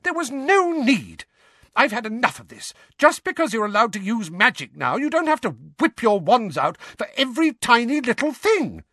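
A man voicing a middle-aged woman, a shrill, furious mother scolding her sons in a high-pitched voice. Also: very animated, moderate pace, bright, forceful tone, no room sound, studio quality, full character voice.

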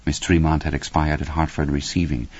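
A man narrating a story in a steady, measured audiobook reading. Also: extremely low pitch, highs cut off.

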